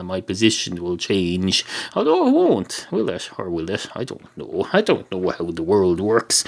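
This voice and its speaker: An Irish man doing a smug talking cat. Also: medium pitch. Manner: deadpan rambling improvised monologue. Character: smug pedantic talking male cat at a bar.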